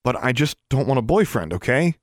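Man doing a nervous little schoolgirl voice, a bit higher, sorry-sounding, dry. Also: very animated, brisk, dry recording, close to an everyday voice. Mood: apologetic. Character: young schoolgirl, earnest and anxious.

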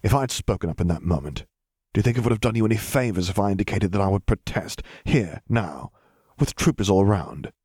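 A man's voice: fairly low pitch, fairly quick, darkish tone, breathy edge, no echo, clean studio sound. A man voicing a stern middle-aged father, tight-lipped and hissing, afraid for his son. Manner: hissed, tight-lipped pleading.

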